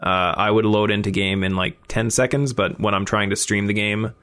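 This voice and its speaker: Low-voiced easygoing male streamer. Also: steady tone, fairly quick, fairly bright tone. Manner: easygoing, explains at length. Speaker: podcast co-host and streamer. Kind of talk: casual chat.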